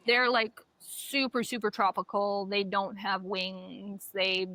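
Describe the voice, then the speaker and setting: A woman co-hosting a podcast, telling animated stories in casual chat and swearing often. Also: medium pitch, slow, no echo. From Canada. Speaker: podcast co-host.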